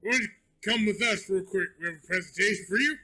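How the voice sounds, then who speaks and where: A man's voice: sits high, quick pace, pushed and bright. A man playing in a tabletop game, hesitant with fillers. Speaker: player.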